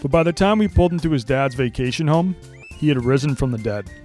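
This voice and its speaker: Wry guy narrating a travel vlog voice-over, lively pitch, music under it. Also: fast.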